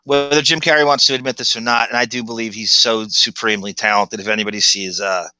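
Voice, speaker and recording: A man's voice: fairly low pitch, steady tone, fast, pushed and bright, clear, resonant tone, no room sound, lo-fi sound. A man hosting a podcast, telling rambling stories in casual chat. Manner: rambling storytelling with restarts. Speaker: podcast host.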